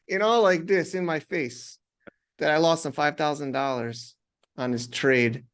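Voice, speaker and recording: A man, a podcast guest, telling a personal story conversationally with many restarts and animated retellings. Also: fairly high pitch, unhurried, smooth.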